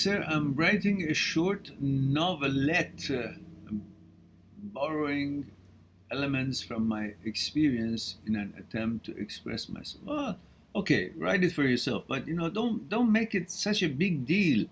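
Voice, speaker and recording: This man's voice runs on the high side and sounds very animated and a bit bright, though his pace stays measured. He hosts a live-stream question-and-answer session, bluntly fielding viewer questions with casual swearing and frequent laughter, over slight background noise.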